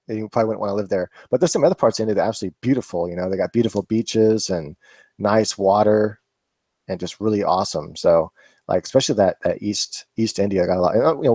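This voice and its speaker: A man's voice: on the low side, dark tone, no room sound. A man hosting a live Q&A, chatting casually and rambling with laughs and swearing. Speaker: vlog host answering viewer questions.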